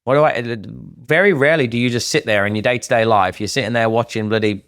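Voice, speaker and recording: A middle-aged man co-hosting a casual podcast, talking in an animated way and acting out what other people say. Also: medium pitch, fast, clean tone, no room sound, clean studio sound. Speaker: podcast co-host.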